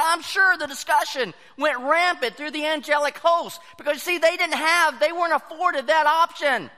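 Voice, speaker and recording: High-voiced preacher in an echoing hall. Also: male voice, normal speed, hardly any pauses. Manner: animated storytelling, acts out quoted voices. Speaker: pastor. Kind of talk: sermon. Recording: long hall reverb.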